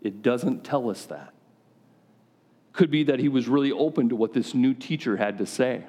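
A man delivers a sermon to a gathering of men, his voice sitting at an ordinary mid pitch. He talks conversationally, drawing his listeners in with frequent direct questions. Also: normal speed, warm tone, slightly rough. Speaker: preacher.

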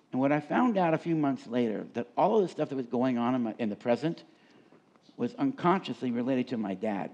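A man's voice: mid-range voice, dark tone, breathy edge, muffled recording. A man preaching a sermon from a stage, emphatic and repeating key words for stress. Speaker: pastor. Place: on a stage before a congregation.

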